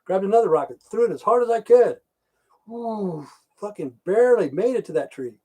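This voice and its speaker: Speaking quickly in a high, husky, warm voice with lively intonation, this middle-aged man chats casually on a live stream. He wanders from story to story, curses nonstop, and reads viewers' names from the chat.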